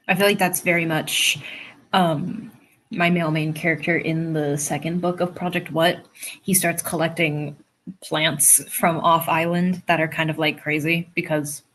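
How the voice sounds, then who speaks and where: A woman's voice: deep voice, a bit bright, a little hiss or hum. Chatty young woman streaming from home. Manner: chatty, reads chat aloud and reacts, laughs often. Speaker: livestream host and writer. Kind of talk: casual livestream chat.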